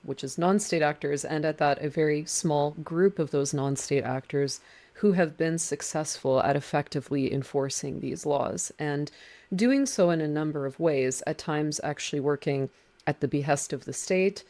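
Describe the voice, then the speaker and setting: A woman author explaining a legal argument in a measured, precise way. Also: sits low, mellow. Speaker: guest, book author on marine law.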